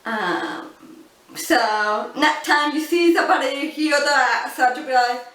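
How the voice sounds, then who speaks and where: High-voiced deaf woman, slow and roomy. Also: expressive, a bit bright. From Boston area, United States. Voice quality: deaf speech pattern. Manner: slow, thoughtful storytelling with fillers. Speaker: vlogger. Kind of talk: casual personal story to camera. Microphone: built-in camera mic. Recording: echoey room, camera mic from a distance.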